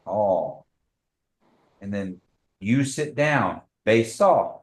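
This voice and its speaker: A man teaching a language class, speaking slowly and patiently, repeating phrases for the group. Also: fairly low pitch, big pitch swings.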